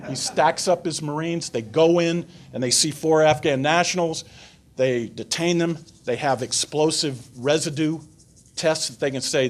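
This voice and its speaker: A man's voice: fairly high pitch, moderate pace, a little hiss or hum. Older man telling stories at a lecture. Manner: animated storyteller, voices characters in his anecdote. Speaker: guest speaker at a foreign affairs forum. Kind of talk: public talk with anecdote and audience questions. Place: lecture room before an audience.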